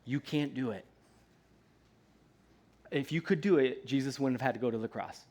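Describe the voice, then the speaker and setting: A man, likely in his thirties, preaching a sermon in a church in a relaxed, conversational way, often checking in with "right?" and slipping into playful voices. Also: medium pitch, normal speed. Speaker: pastor. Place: church sanctuary.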